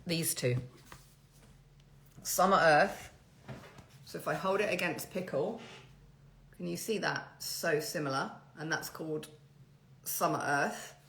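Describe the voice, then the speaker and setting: In a low voice with vocal fry, a woman chats through a casual live Q&A from her home, answering viewers' interiors questions. She reads each one out, then wanders warmly into stories, in an echoey room with faint background noise.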